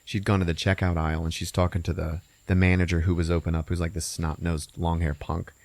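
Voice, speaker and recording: A man hosting a podcast, casually recapping a movie with an animated, profane delivery and frequent laughs. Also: low-pitched, quick pace, dry recording. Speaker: podcast host.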